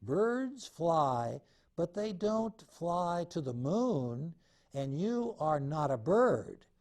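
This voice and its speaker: Gentle sensible mother bear, as a man reads her, calm and reassuring, unhurried. A mellow picture-book parent voice, a touch raised in pitch. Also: exaggerated voice. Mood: patient.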